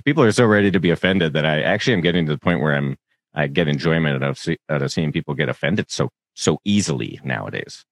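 A man chatting casually as a podcast co-host, animated and laughing, his voice jumping up when he is exasperated. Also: extremely low pitch, fast talker, no echo, clean studio sound. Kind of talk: casual chat.

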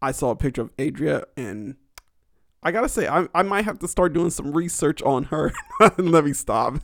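A man's voice: fairly high pitch, expressive, moderate pace, vocal fry, a bit bright, dry recording, studio quality. A young man hosting a podcast alone, rambling crudely with lots of fillers and frequent laughter. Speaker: podcast host. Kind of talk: casual solo podcast storytelling.

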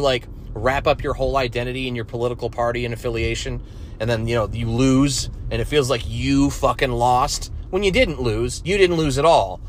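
A man's voice: medium pitch, slight background noise. A young man hosting a solo podcast, talking casually with crude jokes, lots of swearing and rambling asides. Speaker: podcast host.

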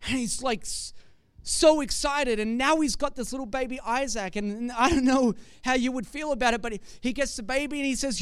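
High-voiced man preaching a sermon. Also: a little fast, clean tone, dry recording, clean studio sound. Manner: conversational, jokey storytelling.

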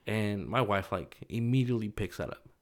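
A man's voice: fairly low pitch, moderate pace. A young man casually telling a personal story, loose and rambling, full of fillers.

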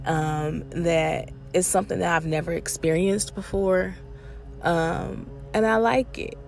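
A woman's voice: fairly low pitch, steady tone, takes it slowly, gravelly, a little mellow, soft background music. A woman in her thirties talking candidly and emotionally on her own podcast, recorded on her lunch break near an airport. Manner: candid and emotional, with frequent fillers and laughs. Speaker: podcast host. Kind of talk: casual personal podcast monologue.

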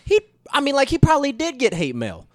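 A man co-hosting a casual podcast chat, telling stories in an animated, rambling way. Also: extremely high pitch, quick pace, a little hiss or hum.

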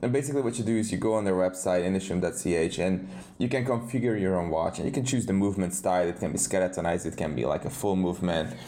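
A man co-hosting a podcast, talking in a relaxed way with hesitations. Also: low-pitched, fast talker. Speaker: podcast co-host. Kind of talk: casual chat.

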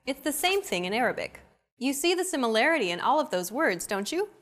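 A young adult woman hosting a language lesson, with clear, upbeat, teacherly scripted narration. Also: sits high, very animated, brisk, fairly bright tone.

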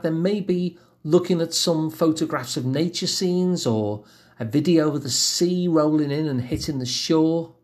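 A man giving a calm self-help lesson in a gentle, measured, reassuring way. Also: on the high side. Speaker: wellbeing teacher.

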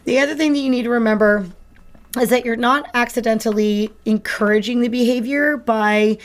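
A woman's voice: fairly high pitch, brisk. A woman co-hosting a live podcast, explaining training in an upbeat, practical way. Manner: explanatory, upbeat, acts out dog and owner voices. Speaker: dog trainer and co-host.

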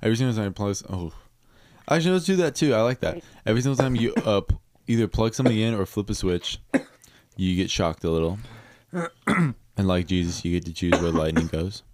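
A man who is a musician, a guest on a podcast, talking in a rambling, halting, giggly way. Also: lowish voice, a little mellow, dry recording, clean studio sound. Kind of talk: casual chat.

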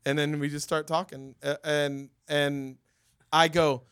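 A man hosting a podcast, telling a story in casual chat, animated and acting out the voices in it. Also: fairly high pitch, unhurried, smooth, dry recording, clean studio sound. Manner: animated, acts out quoted voices, laughs often. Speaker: podcast host.

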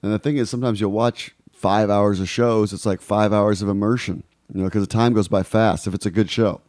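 A man hosting a podcast in easygoing, casual chat, often repeating words and filling pauses. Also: fairly low pitch, steady tone, darkish tone, no echo, clean studio sound. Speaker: podcast host.

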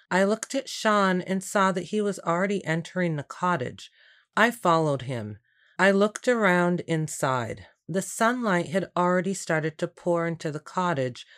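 A woman narrating a storybook in a calm, even, unhurried reading voice. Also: fairly low pitch. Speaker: audiobook narrator.

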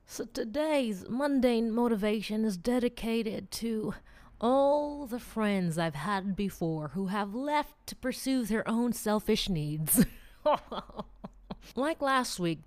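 Chatty woman with a smooth voice. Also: medium pitch. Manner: chatty, animated, laughs and teases, rambles, direct address. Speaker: host of a weekly motivation vlog. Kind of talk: casual motivational talk to camera.

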